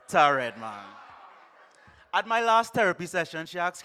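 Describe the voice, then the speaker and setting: A man's voice: fairly high pitch, very animated, a little fast, bright, forceful tone, smooth. A young man with a Trinidadian accent performing comic slam poetry on a live stage, theatrical and punchy with heavy alliteration. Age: young adult. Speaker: spoken word poet.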